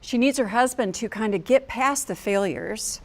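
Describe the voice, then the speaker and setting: A woman's voice: fairly high pitch, normal speed. An older American woman, a marriage coach, giving an earnest teaching talk to couples and acting out phrases with emphasis.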